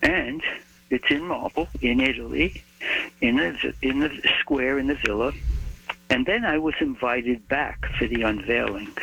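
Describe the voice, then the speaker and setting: An older man from the United States tells his stories with lively swoops of pitch and a gravelly edge. His tone is bright and forward, and he acts out the people he quotes. The recording is dull, with a faint hum behind him. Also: unhurried. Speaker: guest. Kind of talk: storytelling interview.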